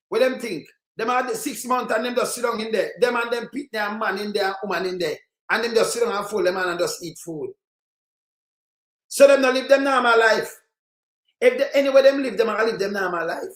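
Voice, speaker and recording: A Jamaican man in heated live commentary, ranting and shouting in patois, circling back to the same complaints. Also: high-pitched, normal speed, reverberant. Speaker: livestream commentator.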